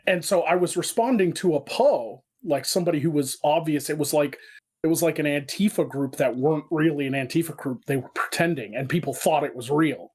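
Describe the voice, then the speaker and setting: A man, a comedy creator, chatting in an interview and telling stories in an animated way. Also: fairly high pitch. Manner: animated storyteller, slipping into voice impressions. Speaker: guest, online comedy creator. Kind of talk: casual interview chat.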